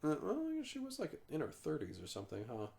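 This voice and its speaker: A man's voice: on the high side, huge pitch swings, fast, creaky, a little mellow. Chatty man playing a game. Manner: chatty, swearing, reads dialogue aloud. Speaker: let's play co-host. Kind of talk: casual gameplay commentary.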